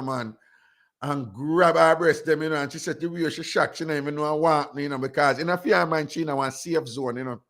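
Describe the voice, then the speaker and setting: This radio host is a man with a Jamaican accent and a somewhat high, slightly bright voice. He tells a story in casual, rambling patois, dropping in plenty of "you know"s.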